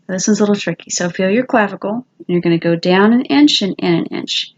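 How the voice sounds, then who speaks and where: A woman giving casual, quick, chatty step-by-step instructions, demonstrating as she goes. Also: medium pitch, lo-fi sound.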